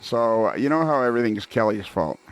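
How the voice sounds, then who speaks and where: A man's voice: medium pitch, lively intonation, brisk, smooth, soft background music. A man hosting a podcast, telling a rambling, self-deprecating story in casual chat from a studio. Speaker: podcast host. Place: recording studio.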